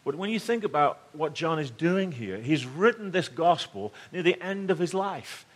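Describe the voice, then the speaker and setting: A middle-aged man preaching a storytelling sermon in a conversational way, swinging between loud emphasis and hushed tones. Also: a little high, expressive, moderate pace. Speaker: pastor.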